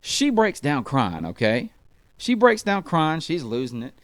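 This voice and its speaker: American guy doing stand-up, high voice that jumps all over, dry close sound, keeps going "man" and "right". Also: measured pace, no echo. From United States. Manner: animated, talks to the crowd, fills lines with man and right. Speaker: stand-up comedian. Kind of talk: stand-up comedy routine.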